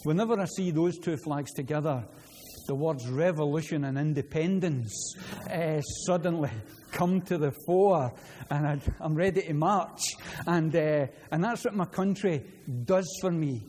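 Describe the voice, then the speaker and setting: A man with a Glaswegian Scottish accent preaching a sermon, earnest and prone to repeating words as he gets excited. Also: a little high, a little slow, slight background noise. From Scotland. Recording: long hall reverb, faint ambience.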